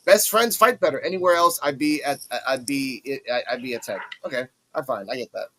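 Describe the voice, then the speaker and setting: A man hosting a casual wrestling review podcast, talking in an animated way and acting out the wrestlers' lines. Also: medium pitch, fairly quick, a little hiss or hum, rough recording. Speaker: podcast host.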